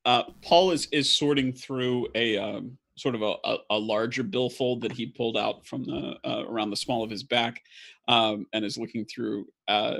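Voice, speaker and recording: A man's voice: mid-range voice, fairly even intonation, vocal fry, a bit bright. A man running a tabletop role-playing game, narrating at an easy pace, often stopping on ums and uhs. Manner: halting, many ums and uhs. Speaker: game master. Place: home setup on a live stream.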